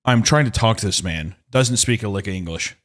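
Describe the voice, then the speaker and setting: A man's voice: lowish voice, a little fast. A man hosting a comedy podcast, telling an exasperated, profane story in a casual way. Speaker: podcast host.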